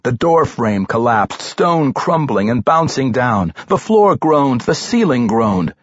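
Husky, expressive male audiobook narrator. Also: mid-range voice, takes it slowly, no echo. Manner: dramatic, expressive reading. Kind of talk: scripted fantasy narration. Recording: dry, slightly dull studio recording.

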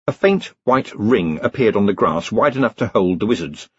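A man reading a novel aloud as an audiobook narrator, telling it in an expressive, dry comic way. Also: fairly low pitch, moderate pace, breathy edge, dry recording, highs cut off. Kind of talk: scripted narration.

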